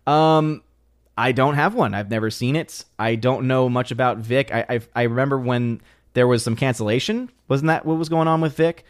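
A man's voice: medium pitch, moderate pace, dry recording, clean studio sound. A man hosting a casual live stream, chatting as he reads viewer comments aloud, with frequent restarts. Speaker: live-stream host reading chat.

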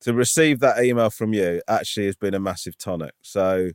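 Dry-sounding podcast host. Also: male voice, on the low side, fairly quick, clear, resonant tone, no echo. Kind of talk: casual chat.

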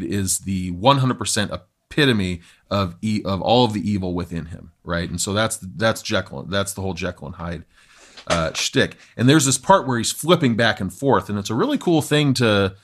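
A man's voice: fairly low pitch, fairly bright tone. A young adult man co-hosting a podcast, chatting casually and rambling with many fillers and restarts. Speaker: podcast co-host. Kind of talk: casual chat.

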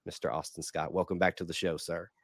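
Podcast host, man, hoarse from a cold, slightly low voice, dry close sound, chatty. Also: fast talker, dry recording. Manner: chatty, animated, rambling. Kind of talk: casual sports podcast chat.

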